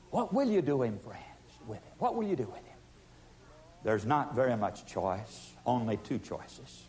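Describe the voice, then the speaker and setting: A man preaching a sermon, pleading with emphatic force and then dropping to hushed tones. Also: medium pitch, sing-song, moderate pace.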